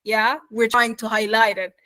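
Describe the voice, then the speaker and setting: Woman teacher, native Arabic speaker, higher-pitched voice, dry close sound, keeps asking "yeah? okay?". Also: little pitch movement, moderate pace, sharp tone, no room sound, low-quality recording. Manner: checks in often with "yeah?" and "okay?"; switches to Arabic to explain. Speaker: accent teacher. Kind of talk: online class lecture.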